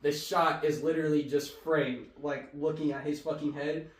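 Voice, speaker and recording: Brief: young male host, a bit high, excitable and foul-mouthed, recorded off-mic in an echoey garage. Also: moderate pace, distant mic. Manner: loud, profane, excitable storyteller. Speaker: podcast host. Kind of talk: casual chat.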